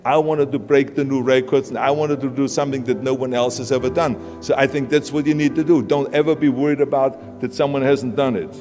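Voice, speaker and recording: A man's voice: medium pitch, fairly even intonation, fairly quick, few pauses, a little mellow. A man from Austria with an Austrian accent giving a blunt, emphatic motivational speech in a large hall. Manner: emphatic, blunt, plain-spoken. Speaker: motivational speaker. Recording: hall reverb with music underneath.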